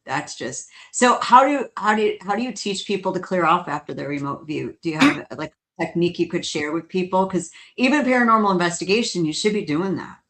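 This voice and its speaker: A woman's voice: on the low side, fairly quick, hardly any pauses. Chatty, laughing woman co-host. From New Orleans. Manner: chatty, laughs often, quotes others in lively bursts. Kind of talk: casual podcast chat.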